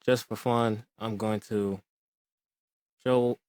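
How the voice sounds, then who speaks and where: Calm low-voiced man explaining audio. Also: slow pace, clear, resonant tone, no echo. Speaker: music production tutor. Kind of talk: screen-recorded tutorial.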